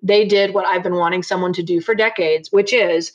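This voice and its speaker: A woman's voice: fairly low pitch, fairly even intonation, fairly quick. Woman dog trainer, emphatic, frank, casual talk, slightly muffled audio. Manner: emphatic, frank, acts out dogs' and clients' voices. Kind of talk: casual podcast conversation.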